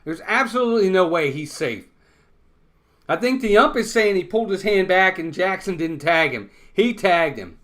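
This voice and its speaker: A man's voice: high voice, lively intonation, normal speed, fairly bright tone. A man hosting a fan watch-along stream, calling baseball play-by-play and insisting on his points over and over.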